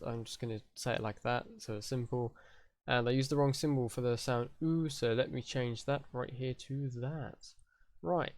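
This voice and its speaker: Young British man, casual tutorial host, talks through each step plainly. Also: medium pitch. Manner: chatty, explains step by step. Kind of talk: casual online lesson.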